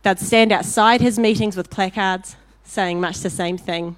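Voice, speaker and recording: A woman preaching a sermon, telling a story with lively acted-out voices before turning to direct exhortation. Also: mid-range voice, unhurried, no echo. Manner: animated storyteller, acting out voices in anecdotes.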